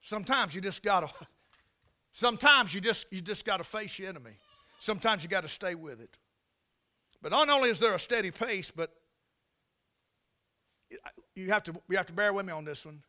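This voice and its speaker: A man preaching a sermon, telling folksy stories and rising to shouts. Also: sits high, lively intonation, normal speed, long pauses.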